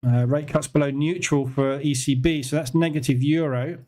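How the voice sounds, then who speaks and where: A man hosts a live trading stream in a loose, chatty way. His voice sits a touch high for a man, and he often breaks into laughter and disbelief as he reacts. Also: fairly even intonation, normal speed, dark tone. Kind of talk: live market commentary.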